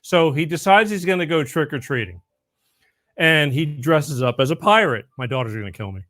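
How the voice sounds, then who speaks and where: A man's voice: on the high side, expressive, normal speed, a bit bright, dry recording, clean studio sound. A middle-aged man hosting a podcast, chatting casually and rambling a bit. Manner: rambling, self-interrupting. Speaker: podcast host. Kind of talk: casual chat, telling a joke.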